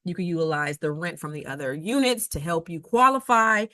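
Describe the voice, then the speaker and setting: A woman real estate investor giving advice in an emphatic, conversational way, telling personal stories and often repeating herself with quick asides. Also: fairly low pitch, animated, fairly bright tone, no room sound, studio quality. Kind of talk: advice talk with personal anecdotes.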